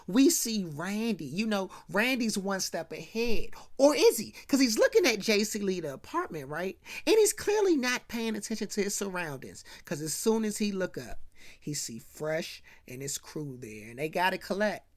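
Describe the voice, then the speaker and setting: A woman's voice: mid-range voice, sing-song, moderate pace. A woman hosting a casual recap of a TV episode. She talks chattily, repeats herself and often asks "right?" and "you know". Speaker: show host.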